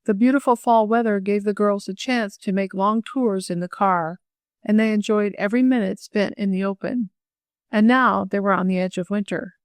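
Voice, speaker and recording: A woman reading a classic children's novel aloud as an audiobook narrator, clear and measured. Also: mid-range voice, no room sound, studio quality.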